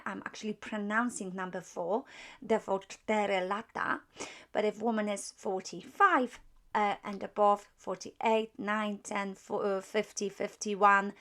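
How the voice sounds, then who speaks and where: Slow, patient woman teaching a language. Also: medium pitch. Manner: patient, explaining step by step with frequent pauses; apologetic when correcting herself. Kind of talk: online language lesson.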